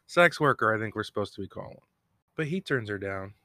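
Recapping a TV episode by himself, a man speaks in a low-leaning, expressive, bright and forceful voice at a brisk pace. As a podcast host, he rambles and pokes fun at himself, chuckling at his own jokes. The sound is dry and studio quality, recorded in a home room with a cat bell close by.

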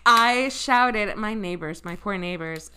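A woman co-hosting a casual movie review podcast, excitable and profane, breaking into loud exclamations. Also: medium pitch, measured pace, a little hiss or hum. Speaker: podcast co-host.

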